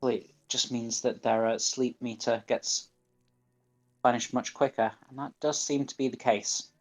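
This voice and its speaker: A man's voice: mid-range voice, fairly even intonation, a little slow, faint music behind. A man with a Northern English accent giving live gameplay commentary, muttering to himself and reading game menu options aloud. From northern England. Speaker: gaming streamer.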